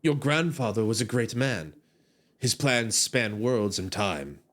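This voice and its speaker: A sinister old grandfather cultist from a video game, slow and grave, dropping his voice deep and low, as a man puts him on. The delivery rises and falls with plenty of movement. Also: lively intonation, fairly bright tone, a little hiss or hum. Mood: cold.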